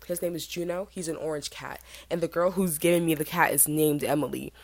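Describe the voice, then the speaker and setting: Twenty-something woman rambling thru a story on her podcast, lowish voice, super dry close mic, kinda sick. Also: no room sound. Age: 20s. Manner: chatty, animated, mimics other people in high voices. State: feeling sick, burping. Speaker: podcast host. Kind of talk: casual storytelling monologue.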